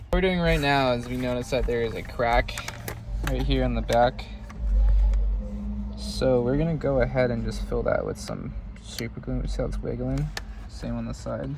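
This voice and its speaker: A man showing a car repair step by step, in a relaxed, instructive way. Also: mid-range voice, creaky, background noise. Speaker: mechanic. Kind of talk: hands-on repair walkthrough. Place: auto repair shop.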